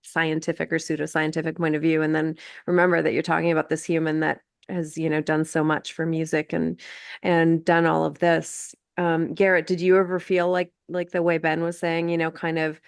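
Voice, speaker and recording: A middle-aged woman from Canada hosts a relaxed conversation, chatting loosely with plenty of fillers. Her voice sits a little low and has a steady creaky edge. The sound is dry and close. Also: moderate pace, dry recording. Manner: chatty, many fillers and restarts. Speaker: host. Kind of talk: casual conversational interview.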